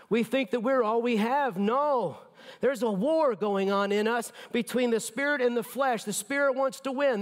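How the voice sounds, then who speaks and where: High-voiced preaching man in a reverberant hall. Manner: emphatic preaching, drops to near whisper when moved. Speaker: pastor. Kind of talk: sermon. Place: church sanctuary.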